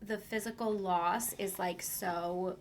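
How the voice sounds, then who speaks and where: A young woman hosting a podcast in casual conversation, relaxed and full of fillers, quoting her own thoughts in hushed asides. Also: lowish voice, slow, slight background noise. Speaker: podcast host.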